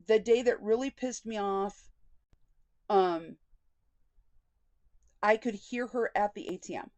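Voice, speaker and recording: A woman's voice: medium pitch, animated, moderate pace, pauses often, darkish tone, dry recording. A woman speaking as a vlogger, telling a personal story candidly and with indignation, and often quoting conversations. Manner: candid and indignant, with frequent quoted dialogue.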